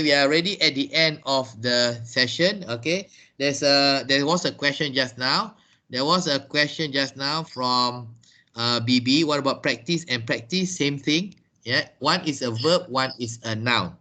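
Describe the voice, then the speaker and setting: A Malaysian man teaching English online. His voice sits high for a man and sounds very bright and sharp. He spells words out letter by letter and says his main points twice. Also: rough recording.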